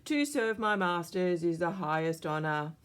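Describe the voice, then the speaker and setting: Slow, stiff robot dad with an Australian accent, a woman reading him aloud, flat and mechanical, storybook. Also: on the low side, very noisy. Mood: robotic. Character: stiff obedient robot dad, male, malfunctioning.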